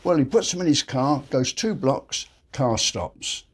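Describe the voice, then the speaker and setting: A man's voice: mid-range voice, expressive, measured pace, husky. A man hosting a daily joke show, telling jokes in a chatty, folksy storyteller manner. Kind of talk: casual joke telling to camera.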